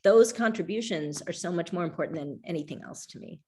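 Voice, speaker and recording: A woman's voice: fairly low pitch, a little fast, darkish tone. A middle-aged woman speaking as an author guest, reflective and rambling, with frequent restarts and trailing thoughts. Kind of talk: conversational talk over a video call.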